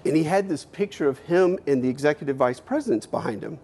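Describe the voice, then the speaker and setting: A man in his fifties tells his life story from a keynote stage. He speaks in a candid, animated way with casual swearing, and his voice sits a little high for a man. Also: fast, slightly rough.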